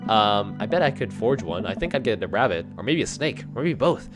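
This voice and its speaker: A man voicing an excitable, cheerful teenage girl while reading game dialogue aloud. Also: lowish voice, brisk, over music. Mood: eager.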